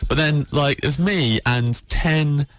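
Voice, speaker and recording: A young man with an English Midlands accent, telling a rambling comic story on the radio, full of fillers and restarts. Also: a little high. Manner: rambling, halting storytelling with frequent fillers and self-interrupting restarts. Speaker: comedian guest telling a story. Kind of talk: radio comedy anecdote.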